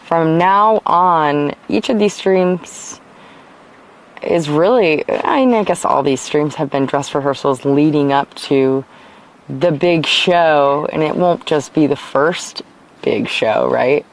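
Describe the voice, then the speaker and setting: A woman's voice: low voice, slow pace, rough recording. A tired woman chatting casually and rambling on a livestream from her car, sometimes wandering away from her clip-on mic. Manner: rambling, chatty, self-interrupting. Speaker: livestream host. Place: in and around her car outdoors. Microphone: clip-on mic, sometimes far from it.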